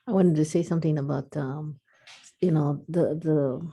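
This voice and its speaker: A woman with a very dark, mellow voice and a slightly low pitch talks casually in an online workshop. She rambles and halts, filling her pauses with fillers. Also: steady tone, slightly rough. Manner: rambling, halting, with many fillers. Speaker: workshop participant. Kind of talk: casual sharing.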